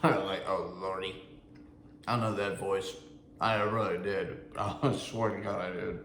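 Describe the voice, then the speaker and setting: A man's voice: low voice, steady tone, measured pace, a bit bright, a little hiss or hum. A man who served in the Army, casually telling a personal story in a rambling way, with lots of fillers, restarts and some swearing. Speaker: Army veteran vlogger. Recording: echoey room with faint ambience.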